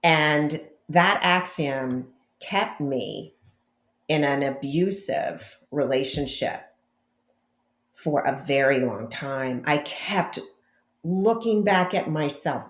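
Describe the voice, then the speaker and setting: Woman interview guest, unhurried and candid, roomy echo on the audio. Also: deep voice. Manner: slow, reflective, candid storytelling. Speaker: podcast guest. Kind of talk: conversational interview. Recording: echoey room audio.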